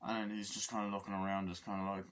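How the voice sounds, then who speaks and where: Rambling, cursing man, low voice. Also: completely flat delivery, very fast, a bit bright. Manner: rambling, swears freely, acts out scenes in quoted voices. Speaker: movie reviewer. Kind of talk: casual spoken movie review.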